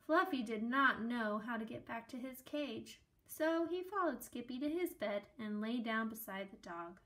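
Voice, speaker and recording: A woman reading a children's book aloud in a gentle, expressive way, adding small asides. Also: on the high side, measured pace. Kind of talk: storybook read-aloud with asides.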